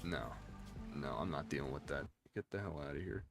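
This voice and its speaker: A man's voice: rumbling low, brisk, faint music behind. A man streaming a game, chatting casually and answering his viewers in a rambling, easygoing way. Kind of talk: casual livestream chat.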